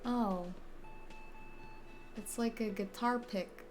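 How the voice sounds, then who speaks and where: A woman streamer talks her way through a game in an unhurried, relaxed way. Her voice sits a touch high, and she chats casually, laughs often and swears without fuss. Faint music plays behind her. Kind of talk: casual gameplay commentary.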